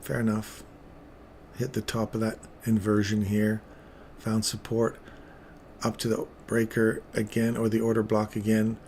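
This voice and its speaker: A lower-pitched man talks through a live trading session, wandering off into chatty tangents and then back to the charts. His delivery is loose and playful as he jokes with viewers, with a faint hum of noise behind him. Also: monotone, unhurried, a little mellow. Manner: rambling, chatty, drifting between topics. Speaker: trading stream host.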